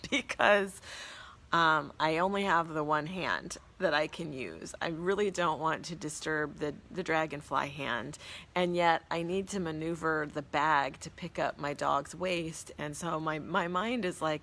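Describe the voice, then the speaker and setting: Awed woman telling a story, low voice. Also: unhurried, sharp tone. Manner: earnest, awed, reverent. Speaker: spiritual teacher hosting a live stream. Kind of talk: casual storytelling to viewers.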